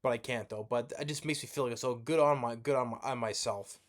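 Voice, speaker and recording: A man's voice: medium pitch, brisk. A man giving a rambling, profane movie review rant, sleepy and yawning as he talks, with lots of restarts.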